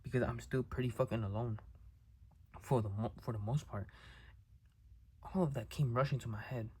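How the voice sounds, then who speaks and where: A young man talking through a raw, halting monologue, emotional and near tears, repeating words and swearing often. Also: medium pitch, dark tone, breathy edge. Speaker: vlogger. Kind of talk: confessional monologue to camera.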